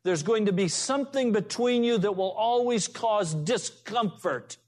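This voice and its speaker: A man's voice: high voice, a little slow, darkish tone. A man preaching a sermon as a pastor, telling folksy stories to make his point.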